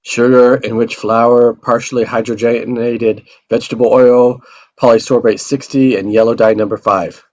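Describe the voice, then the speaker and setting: Male actor reads an easygoing, steady cop on muffled audio. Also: mid-range voice, moderate pace, natural voice. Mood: friendly. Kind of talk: table read.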